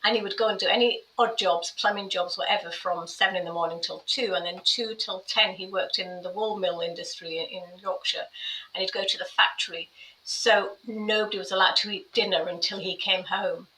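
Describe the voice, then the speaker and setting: A middle-aged woman, a carer, telling her life story in an interview, animated and quick when she describes a scene. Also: mid-range voice, recorded from a distance. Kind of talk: personal storytelling in conversation. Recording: roomy echo, voice a bit off-mic.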